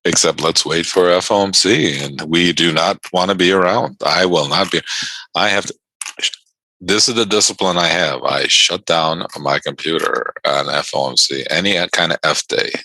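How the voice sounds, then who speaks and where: A man's voice: low voice, moderate pace, bright, forceful tone, no room sound, poor audio. A man from New York hosting a live trading stream, joking with viewers and laughing often between remarks on the markets. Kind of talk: casual livestream chat about trading.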